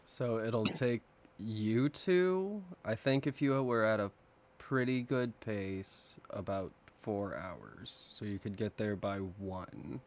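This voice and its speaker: A man running a tabletop game as dungeon master, giving measured rulings. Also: on the low side, animated.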